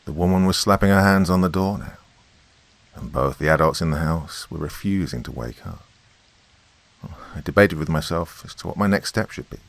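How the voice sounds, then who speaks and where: Deep gravelly man narrating horror. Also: no echo. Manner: expressive, tense storytelling with dramatic pauses. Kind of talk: first-person horror story narration.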